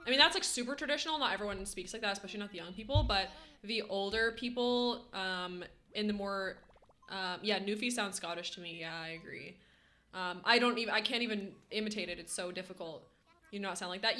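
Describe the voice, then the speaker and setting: A woman's voice: medium pitch, moderate pace, sharp tone, soft background music. A Canadian woman streaming a game, chatting casually with her chat, giggly and full of "like" fillers. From western Canada. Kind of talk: casual live-stream chat while gaming.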